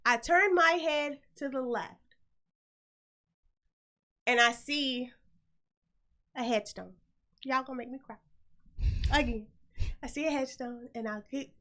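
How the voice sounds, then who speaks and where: High, bright-voiced woman telling a story. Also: slow pace, pauses often. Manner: animated, profane and blunt. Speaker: host. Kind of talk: casual storytelling chat.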